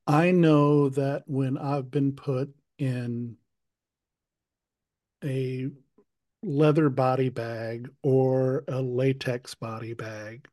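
Man, host, unhurried, dry close sound, thoughtful. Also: mid-range voice, fairly even intonation, warm tone, no room sound. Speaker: interview host. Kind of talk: casual interview.

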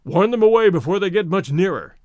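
A man doing a measured, earnest peacemaker. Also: high-pitched, animated, darkish tone, no room sound, muffled recording.

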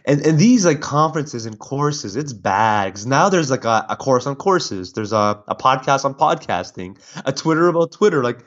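Man, podcast guest, animated storyteller, dull lo-fi recording. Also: mid-range voice, moderate pace, hardly any pauses. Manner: animated storytelling with many restarts. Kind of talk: casual chat. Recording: dull lo-fi audio.

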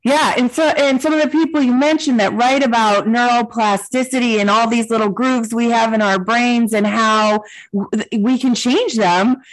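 A woman's voice: a little high, moderate pace, poor audio. A woman in her forties hosting a podcast interview, talking in an earnest, encouraging, casual way. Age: 40s. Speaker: podcast host.

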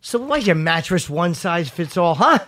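Man, talk show host, fairly high voice, rambling, profane, casual, restarts sentences. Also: very animated, moderate pace, fairly bright tone. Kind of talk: casual chat and live ad read.

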